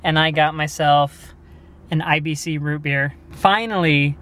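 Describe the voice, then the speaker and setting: A young man vlogging outdoors on a handheld camera, telling stories in an animated, casual way with laughs. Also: on the high side, measured pace, rough recording. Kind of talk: casual vlog chat. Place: outdoors on a busy street. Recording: faint street noise outdoors.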